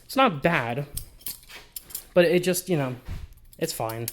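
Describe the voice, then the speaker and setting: A man reviewing gear for a casual vlog, speaking in a slightly higher register. He rambles loosely through his thoughts and drops in swear words without a second thought. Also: lively intonation, takes it slowly, fairly bright tone, slight background noise. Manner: rambling, offhand, sprinkled with swearing. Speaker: balisong reviewer.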